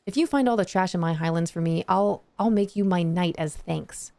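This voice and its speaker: A woman's voice: on the low side, normal speed, creaky, a little mellow. A woman reading aloud the lines of a whiny, self-pitying male pixie king obsessed with trash, from a video game. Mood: sulky grandiose.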